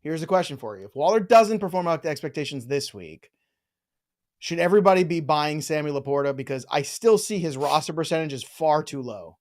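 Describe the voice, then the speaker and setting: A man hosting a live fantasy football stream, brisk and joking as he reads listener questions in rapid fire. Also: a little high, expressive, darkish tone. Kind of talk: casual live-stream chat.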